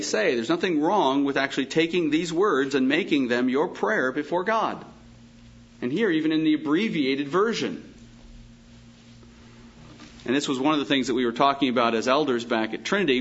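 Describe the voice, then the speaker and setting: A male pastor preaching a Bible teaching sermon, reading scripture slowly and breaking off for emphatic asides. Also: medium pitch, a bit bright, muffled recording.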